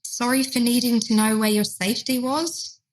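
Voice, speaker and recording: A woman's voice: a little high, fairly even intonation, normal speed, a little hiss or hum, poor audio. A woman, a dementia trainer telling a care story in a podcast chat and acting out the quoted voices. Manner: acts out carers' and residents' lines in quoted voices.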